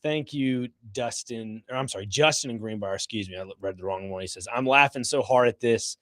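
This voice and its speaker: Male radio cohost reading listener texts, playful, mid-pitch, dry close mic. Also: fairly quick, fairly bright tone, no echo. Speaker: sports radio co-host. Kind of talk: casual sports radio banter. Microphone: studio microphone.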